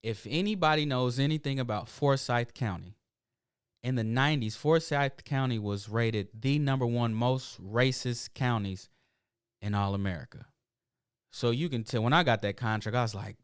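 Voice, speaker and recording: In a casual livestream monologue on his own show, a middle-aged man rambles through stories with emphatic asides and restarts. His mid-range voice is smooth and clear at a normal speed, recorded close and dry with no room sound or echo.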